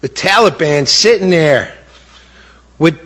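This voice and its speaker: A man's voice: on the high side, animated, takes it slowly, a bit bright. A middle-aged man speaking as a bereaved father, giving impassioned testimony. He sounds indignant and repeats words for emphasis. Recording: long hall reverb.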